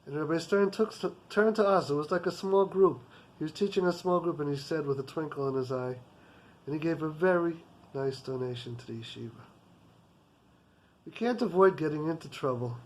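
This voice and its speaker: A man with a notably high voice tells a moral story as a lesson. He speaks earnestly and steadily, in the manner of a teacher. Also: moderate pace. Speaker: Torah teacher.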